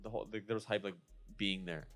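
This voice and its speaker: A man's voice: lowish voice, fast talker, a bit bright, soft background music. A man on a podcast chiming in with short agreements and questions during casual banter. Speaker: podcast co-host.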